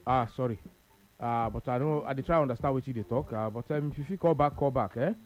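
A man's voice: mid-range voice, fast talker, a little mellow, highs cut off, soft background music. A male radio sports show host with a Nigerian Pidgin accent, repeating his points emphatically. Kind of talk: casual radio sports talk.

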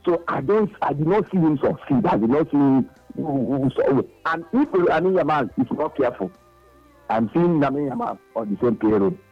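A man's voice: on the high side, animated, normal speed, slightly rough. A man with a Nigerian accent calling in to a radio sports show, talking emphatically and mixing Pidgin with English. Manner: emphatic, repeats himself, mixes Pidgin with English. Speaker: radio caller. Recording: dull lo-fi phone line with faint music.

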